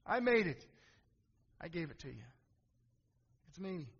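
A man's voice: fairly high pitch, big pitch swings, unhurried, creaky, fairly bright tone, slightly rough, exaggerated voice. A man calling as a desperate father pleading from a window. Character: desperate hospitalized father calling to his son. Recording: dull sound, long hall reverb.

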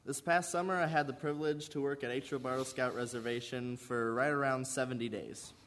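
Teen male speaker, polite and formal, mid-pitched voice. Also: fairly even intonation, a little fast, a bit bright, slight background noise. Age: teens. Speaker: youth speaker.

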